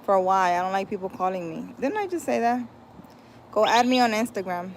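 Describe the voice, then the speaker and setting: A woman's voice: mid-range voice, fairly quick, slight background noise. A woman hosting a casual livestream outdoors, greeting viewers by name and chatting loosely as she reads their comments. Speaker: livestream host and spiritual healer.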